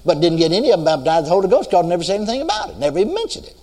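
A man's voice: sits high, huge pitch swings, racing, vocal fry, darkish tone. An older man from the United States preaching a sermon, telling a story and asking the congregation if they are listening. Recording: long hall reverb.

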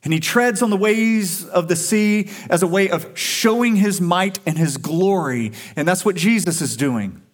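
A man's voice: sits high, measured pace, hardly any pauses. A male pastor preaching a sermon to a congregation in a conversational, earnest way, pushing up for emphasis on key points.

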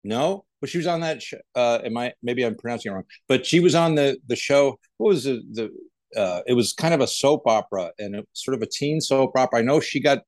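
A man's voice: medium pitch, lively intonation, fairly quick, darkish tone, no echo. An actor guest talking casually, laughing often and wandering through his stories. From United States. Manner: laughing, rambling, self-correcting. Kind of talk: casual interview chat.

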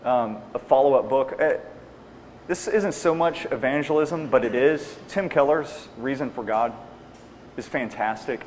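A man's voice: mid-range voice, unhurried, darkish tone. A man answering audience questions on evangelism in an earnest, plainspoken way, restating each question before he answers. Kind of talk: Q&A talk. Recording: long reverb in a hall, faint noise.

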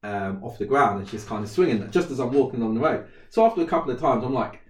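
A man telling a relaxed anecdote in casual chat, with many fillers. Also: mid-range voice, quick pace. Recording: roomy echo.

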